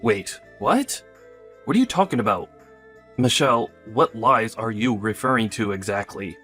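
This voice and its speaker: A man's voice: lowish voice, lively intonation, normal speed, fairly bright tone, faint music behind. A man voicing a careless, selfish young husband in a text-story drama, offhand and dismissive.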